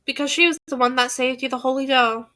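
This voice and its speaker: A woman's voice: sits high, fairly even intonation, fast talker, pushed and bright. A woman reading the lines of a cheeky teenage boy who is a loyal friend, in a dry, teasing way.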